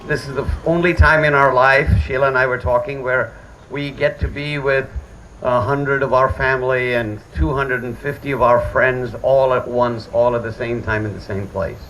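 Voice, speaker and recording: A man's voice: mid-range voice, fairly even intonation, normal speed, fairly bright tone, slight background noise, low-quality recording. A middle-aged man giving a father of the bride speech at a hotel wedding reception, joking and poking fun at himself. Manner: joking, self-deprecating.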